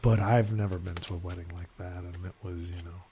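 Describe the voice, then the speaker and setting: A man co-hosting a podcast and telling a story in casual chat, animated and laughing often. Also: sits low, a little fast, slight background noise. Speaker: podcast co-host.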